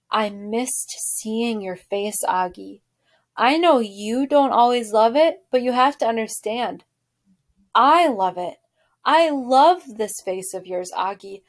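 A woman's voice: fairly high pitch, lightly acted. A woman reading a novel aloud, voicing a playful, affectionate father speaking to his young son. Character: warm, joking father of a young boy.

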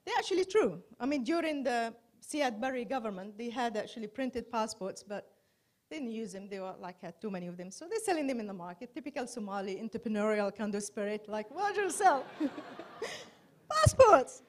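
High-voiced woman telling self-mocking stories. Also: expressive, brisk, a little mellow. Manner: chatty, self-mocking storytelling with wry asides. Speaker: journalist doing stand-up. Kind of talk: stand-up comedy set. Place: large hall before a live audience.

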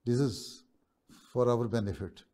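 A man takes on a religious leader's role, responding to students' questions via video call in a measured, pausing manner punctuated by frequent "right?"s. He has a mellow, mid-range voice.

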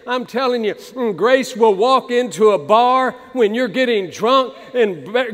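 A man's voice: very high-pitched, measured pace, hardly any pauses, long reverb tail. A male pastor preaching a sermon, emphatic and repetitive, building to fervent appeals in a church. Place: church sanctuary.

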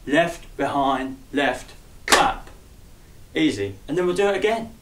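A man's voice: on the high side, animated, a little slow, heavy background noise. A man teaching a dance routine in a chatty, upbeat, jokey way, calling out the steps and counting the beats aloud. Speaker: dance instructor. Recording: roomy echo, voice far from mic.

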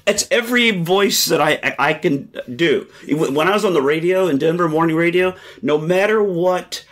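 A man hosting a podcast in casual chat aboard a cruise ship, animated and laughing often, with frequent restarts. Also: fairly high pitch, normal speed. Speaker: podcast host.

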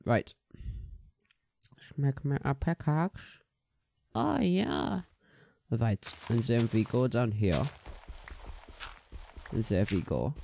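A man's voice: lowish voice, a little mellow, slight background noise. A young man chatting casually as he plays a game, rambling with many ums and restarts. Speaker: gaming video host.

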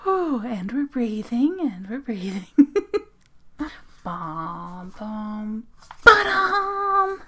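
A woman from Australia chatting casually at her desk as she opens mail on her phone camera, gushing, giggling and sometimes dropping to a whisper. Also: on the high side. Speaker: zine vlogger. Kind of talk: casual unboxing chat. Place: home desk.

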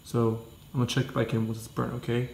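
A man's voice: medium pitch, monotone, a little fast, vocal fry, darkish tone, roomy sound, a little hiss or hum. A young man rambling casually to camera in his home kitchen, chatty and self-deprecating. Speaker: vlogger. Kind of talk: casual vlog chat.

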